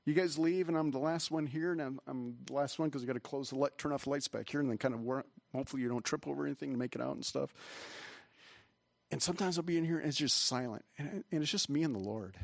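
A man of middle pitch preaches in an easy, conversational way, circling back and restarting as he goes. His delivery is earnest and sometimes emotional. The sound is close and dry, with little room in it. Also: fast talker, vocal fry, no room sound. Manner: rambling, earnest, with many restarts and fillers. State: emotional, voice catching. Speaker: pastor. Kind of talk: conversational sermon. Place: church hall.

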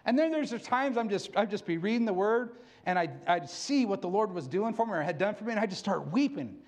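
Animated high-voiced man preaching. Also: a little fast. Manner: animated, candid and self-mocking, laughing often. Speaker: pastor. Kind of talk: sermon.

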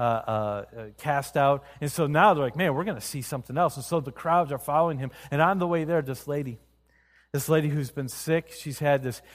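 Man preaching in a reverberant hall. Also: fairly high pitch. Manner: animated storytelling, acting out quotes, frequent restarts. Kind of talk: sermon.

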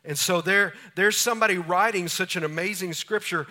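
A man preaching a sermon as pastor, animated, often acting out little scenes for his listeners. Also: high voice, a little fast.

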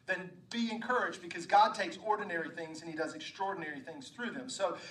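A man preaching a sermon as pastor, animated and acting out scripture dialogue, with frequent repeated words, recorded from a distance in an echoey room. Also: sits high, brisk.

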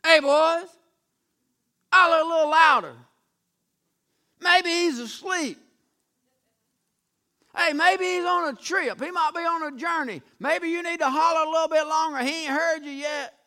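A preacher putting on a mocking prophet, high and loud. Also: male voice, a little slow, pauses often, heavily acted. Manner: mocking, hollering taunts. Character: taunting male prophet mocking rivals.

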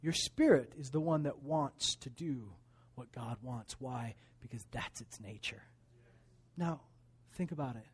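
A man preaching a sermon, animated, swinging between loud emphatic lines and hushed asides. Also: mid-range voice, measured pace, slightly rough. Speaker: pastor.

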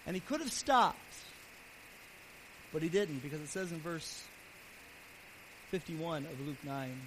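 A man pastor preaching a sermon earnestly, his voice swelling louder and then dropping soft. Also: on the high side, measured pace, poor audio. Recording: steady background hiss.

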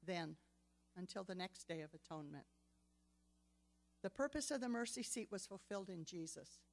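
An older woman teaching a Bible study, earnest and telling stories with quoted dialogue. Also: medium pitch.

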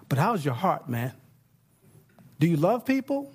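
A middle-aged man preaching a sermon as pastor, talking conversationally and swinging between quiet, hushed points and excited bursts. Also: fairly high pitch, unhurried, pauses often, slightly rough.

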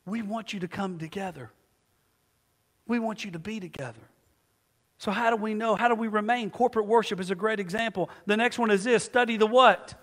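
This pastor has a high, bright voice and a forceful delivery. His sermon runs on call-and-response, as he keeps prompting the congregation to fill in the ends of his sentences. A long hall reverb hangs over the recording.

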